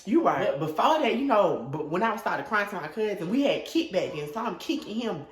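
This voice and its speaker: A young man vlogging, telling a story in a casual way, acting out quotes with dramatic swings into a high voice. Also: very animated, a little fast, echoey room.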